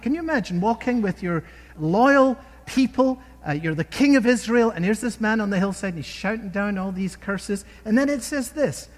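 Male preacher, high and lively pitch, emphatic sermon delivery, reverberant hall sound. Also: moderate pace. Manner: animated, emphatic storytelling with rhetorical questions.

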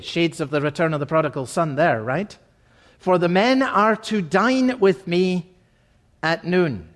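A man preaching a sermon as pastor, reading scripture verses and explaining them, slowing and dropping softly on key phrases. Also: fairly high pitch.

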